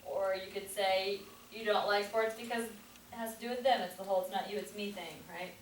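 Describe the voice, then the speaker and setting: A woman teaching a class, upbeat and asking quick questions. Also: mid-range voice, fairly even intonation, slight background noise. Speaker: Spanish teacher. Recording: echoey classroom from a distance.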